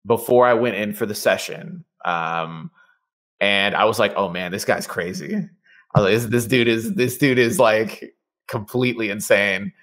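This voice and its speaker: Relaxed man chatting in an interview. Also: fairly low pitch, a little slow. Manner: relaxed, rambling, many fillers and restarts. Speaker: voice actor guest. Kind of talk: casual interview chat.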